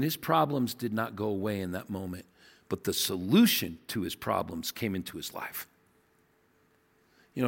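A middle-aged man preaching a sermon as a pastor, earnest, moving from loud to hushed. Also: medium pitch. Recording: long hall reverb.

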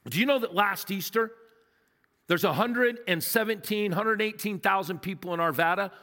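A man's voice: sits high, normal speed, sharp tone. A man delivering a sermon to a congregation, in a conversational and emphatic manner with rhetorical questions. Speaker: guest preacher. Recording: long hall reverb.

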